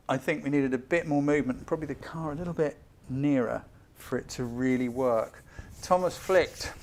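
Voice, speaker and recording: A man giving a live-streamed photo critique as a photography tutor, chatty and enthusiastic, hurrying along with quick apologies. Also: a little high, a little mellow.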